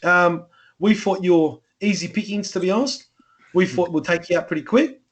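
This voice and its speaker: A man's voice: high-pitched, moderate pace, slightly rough. A man hosting a podcast, asking questions in a loose, rambling way with some swearing. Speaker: podcast host. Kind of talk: casual podcast interview.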